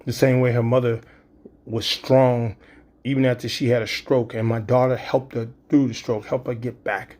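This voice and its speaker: A man's voice: mid-range voice, flat delivery, normal speed, a little mellow. A man in his fifties telling a spoken-word story, vivid, acting out sounds and quoting dialogue. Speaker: storyteller and poet.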